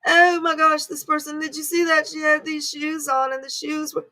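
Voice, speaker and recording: A woman's voice: high voice, flat delivery, moderate pace, sharp tone, dry recording, voice pushed up. A woman mockingly playing a fawning tabloid TV presenter who coos breathlessly over trivial details. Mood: gushing.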